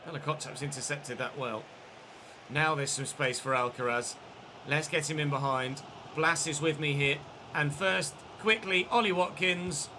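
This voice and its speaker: A man's voice: on the high side, normal speed, pushed and bright, a little hiss or hum. A young man hosting a football video game series, giving chatty commentary like a match commentator and correcting himself as he goes. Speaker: gaming channel host. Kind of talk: casual let's-play commentary.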